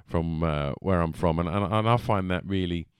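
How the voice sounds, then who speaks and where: A man's voice: sits low, normal speed, clear, resonant tone, no echo, clean studio sound. A podcast host from Essex chatting enthusiastically with a guest, often repeating words as he gets going. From Essex, England. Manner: enthusiastic, stammering repetitions. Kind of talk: casual interview chat.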